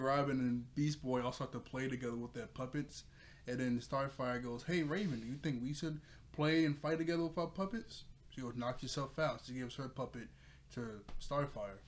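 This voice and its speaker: A young man hosting his own cartoon episode review, retelling the plot casually with frequent laughs and filler. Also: a little high. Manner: rambling, laughs often, loose filler-heavy retelling. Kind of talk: casual recap talk.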